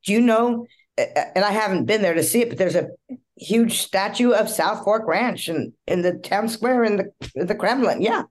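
A woman's voice: medium pitch, animated, moderate pace, darkish tone. An older woman, a guest actress, telling rambling anecdotes in an interview, with restarts and frequent laughter. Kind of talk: storytelling interview.

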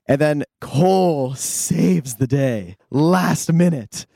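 A man's voice: mid-range voice, unhurried, gravelly, hardly any pauses, no room sound. A young man from the United States who plays in a rock band, telling a studio story in an interview, acting out quotes and humming riffs. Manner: animated storyteller, acts out quotes and hums riffs. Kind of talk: casual interview anecdote.

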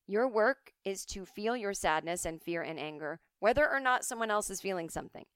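Animated woman podcast host, crisp voice. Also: mid-range voice, normal speed, no echo. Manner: animated storytelling, jumping between quoted voices. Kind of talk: casual monologue. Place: home.

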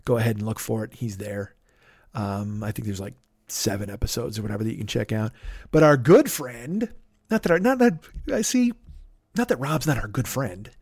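A man's voice: mid-range voice, lively intonation, moderate pace, darkish tone, slightly rough, dry recording, clean studio sound. A man hosting a podcast, giving a rambling, profane sponsor plug in casual chat, often breaking off and restarting. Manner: rambling, profane, self-interrupting. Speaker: podcast host.

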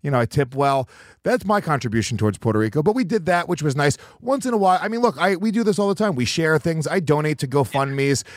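A man's voice: on the high side, animated, fast talker, no room sound, clean studio sound. A man hosting a podcast, talking in rambling, self-deprecating banter with plenty of swearing. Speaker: podcast host.

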